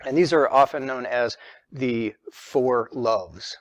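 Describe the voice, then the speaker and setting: A man's voice: medium pitch, slow, dry recording. A man teaching a religion lesson in a patient, methodical way, stressing key words as he explains.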